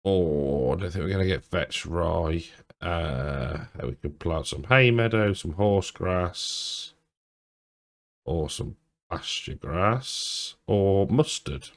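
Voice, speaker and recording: A man's voice: sits low, animated, slow pace, vocal fry. A man giving casual let's-play commentary, thinking aloud and chuckling to himself. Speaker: game streamer.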